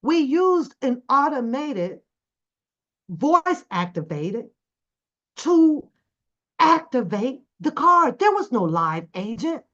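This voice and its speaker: A middle-aged woman vlogging, telling a story casually to her viewers, animated and swearing freely. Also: high-pitched, slow, pauses often. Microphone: phone camera. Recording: dull lo-fi recording.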